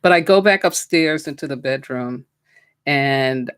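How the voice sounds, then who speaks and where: Woman host, spiritual teacher; slow, heartfelt storytelling and prayer; dry, close sound. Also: rumbling low, no echo.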